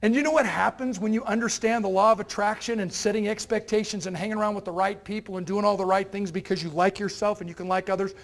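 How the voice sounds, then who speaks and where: A man's voice: high-pitched, fast, few pauses. A man giving a motivational keynote to university students, telling stories and acting out the characters in them. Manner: animated, acts out characters in his stories. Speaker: motivational speaker. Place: university event hall.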